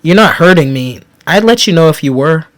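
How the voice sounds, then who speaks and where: A man voicing a gentle, confident young woman. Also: fairly high pitch, lively intonation, fairly quick, lightly acted. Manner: gentle, reassuring. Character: young human woman officer, tender, confident.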